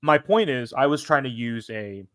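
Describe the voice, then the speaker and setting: A man's voice: mid-range voice, lively intonation, normal speed, a bit bright, dry recording. A young man co-hosting a casual history podcast, a former teacher who rambles with many restarts and self-corrections. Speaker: podcast co-host.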